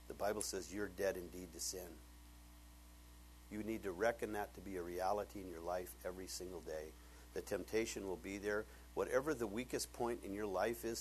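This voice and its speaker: A man preaching a sermon, retelling a conversation and then building to loud, emphatic preaching. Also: fairly low pitch, a little hiss or hum, low-quality recording.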